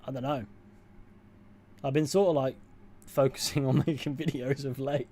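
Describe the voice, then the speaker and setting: A man's voice: mid-range voice, steady tone, normal speed, dark tone. A young British man, a streamer chatting casually with his viewers, blunt and sweary with dry asides. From United Kingdom. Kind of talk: casual livestream chat, answering viewers.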